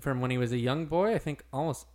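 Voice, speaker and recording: A man's voice: mid-range voice, quick pace, a little mellow. A man hosting a podcast in casual chat, joking around and riffing on silly bits. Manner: jokey, goofs around with bits and laughter. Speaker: podcast host.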